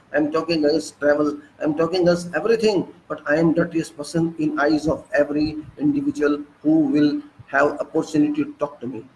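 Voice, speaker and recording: A man's voice: high-pitched, reverberant, a little hiss or hum, low-quality recording. A man in his sixties with an Indian English accent, giving an earnest moralizing lecture full of repetition and rhetorical questions. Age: 60s.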